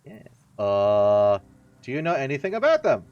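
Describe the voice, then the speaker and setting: A man's voice: medium pitch, very animated, normal speed, a little mellow, smooth, no echo, muffled recording. A man streaming a video game, giving casual, rambling, jokey and self-mocking commentary as he plays. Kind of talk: casual let's-play commentary.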